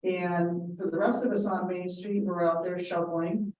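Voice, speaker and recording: A woman's voice: lowish voice, steady tone, moderate pace, mellow, slight background noise. Woman at a council podium, earnest and rambling with ums, heard far off in a very echoey chamber. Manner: earnest, rambling, with frequent ums and quoted anecdotes. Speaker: public commenter at town meeting. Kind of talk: public comment speech. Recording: echoey meeting room from far off.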